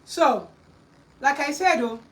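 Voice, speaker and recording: A woman host with a Nigerian accent telling a story in a lively, scolding chat, slipping into Pidgin and Yoruba. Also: high voice, slow, far from the mic, poor audio. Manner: animated, mixing Pidgin and Yoruba, scolding asides.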